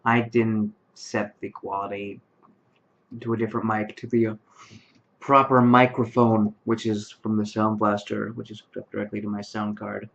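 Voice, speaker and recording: A sleepy man in his late twenties rambles to his webcam from his bedroom, full of ums and restarts. His voice sits fairly low. The built-in webcam mic makes it sound muffled and lo-fi. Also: little pitch movement, moderate pace, gravelly, a bit bright. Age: late 20s. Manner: rambling, many fillers and restarts. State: tired, yawning late at night. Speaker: vlogger. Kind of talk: casual talk to camera. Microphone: webcam microphone.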